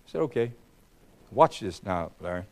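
An older man giving a public speech, telling a story in a blunt, combative way, swinging between loud bursts and low remarks. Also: sing-song, moderate pace. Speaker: speaker. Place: hall.

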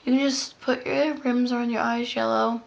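A woman casually rambling through a makeup vlog. She often trails off into soft mutters. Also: fairly high pitch, level tone, moderate pace, vocal fry. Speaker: makeup vlogger. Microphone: phone. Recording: lo-fi phone recording.

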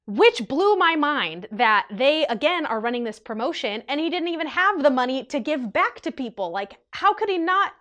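A woman in her twenties telling an animated, chatty storytime vlog to her viewers. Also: sits high, normal speed, few pauses. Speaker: vlogger.

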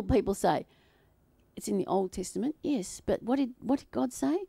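A woman preaching a sermon to a congregation in an animated, playful way, often laughing and acting out voices. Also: medium pitch, moderate pace, gravelly, husky, dry recording. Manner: acts out quoted voices.

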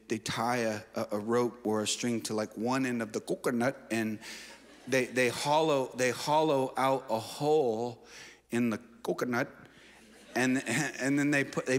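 A male pastor preaching a sermon, moving between shouted exhortations and playful asides. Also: mid-range voice, long reverb tail. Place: church auditorium.

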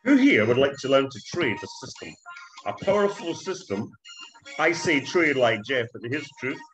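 A man talks his audience through trades on a chart, building hype like a salesman. His voice sits at an ordinary middle pitch. Clear background music plays under him the whole time. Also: very animated, moderate pace, low-quality recording. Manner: hyped salesman-like, addresses "ladies and gentlemen". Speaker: trading instructor. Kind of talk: screen-share trading walkthrough. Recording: music bed behind voice.

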